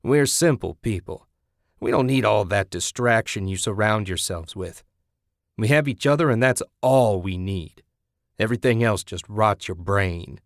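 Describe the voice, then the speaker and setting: Male narrator playing coarse rural old man, gruff and loud, low voice, dry recording. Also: expressive, unhurried, no room sound. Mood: scolding. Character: crude old backwoods man, boastful and menacing.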